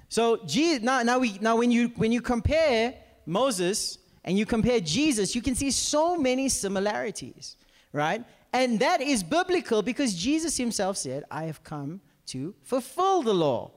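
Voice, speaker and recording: A man preaching a sermon, acting out scripture characters and asking the audience to follow. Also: high-pitched. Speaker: pastor. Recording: reverberant hall.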